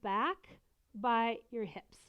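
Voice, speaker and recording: Woman yoga teacher, bit out of breath, soft encouraging cues, voice sits a touch high. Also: drawn-out words, clear, resonant tone, phone-quality sound. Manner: gentle, encouraging, explains as she demonstrates. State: a little out of breath. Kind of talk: guided yoga instruction.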